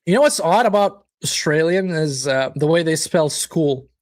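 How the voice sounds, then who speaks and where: A man with a slightly high, expressive voice speaks at a moderate pace while hosting a live football watchalong. He chats casually, reacts to the match and to viewers' comments, and swears now and then.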